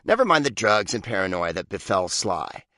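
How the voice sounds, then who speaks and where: A man's voice: on the low side, sing-song, normal speed, pushed and bright, no echo, studio quality. A man reading his own comic book aloud, sardonic and mock-pompous, with big swoops for emphasis. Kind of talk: comic audiobook narration.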